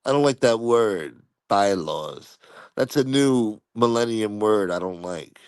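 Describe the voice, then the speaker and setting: A man's voice: mid-range voice, a little slow, a little mellow, clean tone, no echo. A blunt man runs a casual live stream, rambling and swearing freely as he reacts to chat. His voice sits mid-range and is recorded dry and close.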